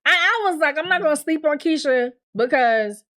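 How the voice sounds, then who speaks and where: A woman giving a casual TV recap, telling the story in a candid, animated way and acting out the characters' lines. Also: high voice, normal speed. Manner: candid, swears freely. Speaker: TV recap reviewer.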